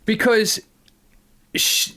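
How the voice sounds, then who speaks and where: A man's voice: drawn-out words, bright, forceful tone. A man co-hosting a casual film podcast, thoughtful and talking through his ideas at length. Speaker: podcast co-host.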